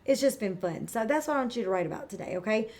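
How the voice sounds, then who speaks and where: A woman's voice: a little high, expressive, fast talker, a little mellow. A middle-aged woman, a kindergarten teacher, giving a friendly, patient lesson that speaks straight to young children. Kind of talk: read-aloud and classroom lesson for young children.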